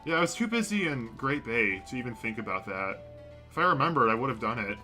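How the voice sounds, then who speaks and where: Fast-talking and sing-song, a young man with a medium-pitched, bright, forceful voice chats casually with viewers while streaming a video game. He rambles and keeps correcting himself, speaking into a desk mic at a home computer with soft music in the background.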